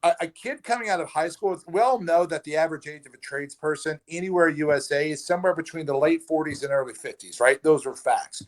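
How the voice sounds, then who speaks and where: A fairly high-voiced man chats as a podcast guest over a patchy remote call. He tells stories in an animated way, often restarting his sentences. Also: fast talker, hardly any pauses. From Texas. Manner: animated storyteller with frequent restarts. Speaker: podcast guest, trades recruiter. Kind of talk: casual storytelling chat. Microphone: remote call with a bad connection.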